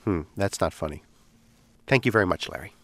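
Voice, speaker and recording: A man's voice: low voice, expressive, brisk, a bit bright. A man hosting a radio interview, asking curious, probing questions. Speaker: radio host.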